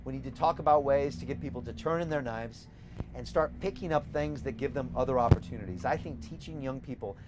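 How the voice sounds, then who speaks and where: A middle-aged American man with a mid-range voice hosts a live Q&A from a moving campaign bus. His accent has softened after years in Britain. He speaks emphatically and upbeat, repeating his key points over a faint background hum. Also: mid-range voice, brisk. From United States. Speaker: host and campaigning candidate. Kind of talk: live-stream Q&A, reading viewer questions.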